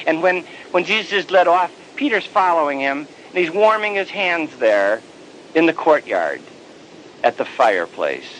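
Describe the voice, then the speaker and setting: A priest telling a sermon story with animated, dramatic delivery. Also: male voice, fairly high pitch, moderate pace, a little hiss or hum, rough recording.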